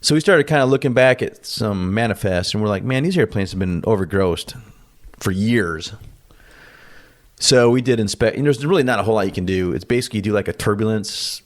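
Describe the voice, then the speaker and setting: A man being interviewed, telling a story in an animated, blunt way and acting out the people in it. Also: on the low side, brisk. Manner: animated, acts out quoted dialogue; blunt, salty language. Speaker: podcast guest. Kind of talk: conversational storytelling.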